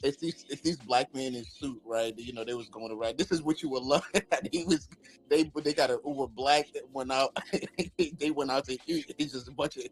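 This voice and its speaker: A man's voice: mid-range voice, fairly quick, low-quality recording. Blunt, profane man in a group chat. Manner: blunt, profane, laughing while talking.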